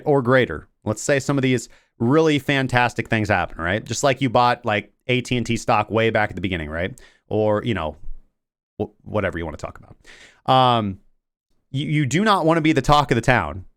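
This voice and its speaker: Smooth-voiced rambling crypto host. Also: male voice, medium pitch. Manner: rambling, filler-heavy talk. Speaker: crypto trading show host. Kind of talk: casual market commentary.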